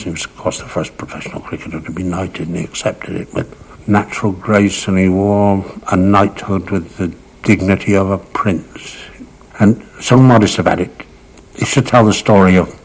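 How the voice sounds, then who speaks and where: Older-style raconteur, a man with a low, husky voice who slips into others' voices as he tells stories. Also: poor audio. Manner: acts out quoted speech in shifting voices. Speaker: storyteller. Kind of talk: anecdotal reminiscence.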